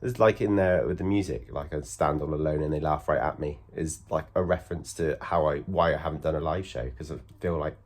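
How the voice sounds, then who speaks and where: A man's voice: a bass voice, steady tone, brisk, hardly any pauses, darkish tone. A man hosting a comedy sketch in his bedroom, dry in delivery and hesitant, with many ums. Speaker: comedy host and musician. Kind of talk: comedy sketch, then interview.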